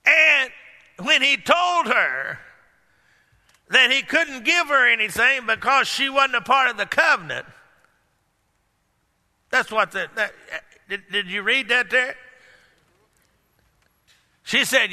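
A man preaches in a high, very bright voice, taking his time and pausing between phrases. He builds to shouts and asks the congregation questions. His voice rings with the long reverb of a large hall. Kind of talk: sermon.

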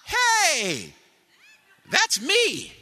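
A man voicing an excited three-year-old boy who keeps crying out with delight in a high childlike voice. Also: extremely slow, no room sound, exaggerated voice. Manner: squealing, high childlike cries.

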